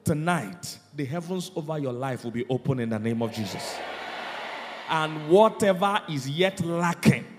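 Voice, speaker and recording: A man preaching a sermon as pastor, moving between loud shouted decrees and quiet, low lines. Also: expressive, normal speed, noisy background. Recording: reverberant hall, faint music behind.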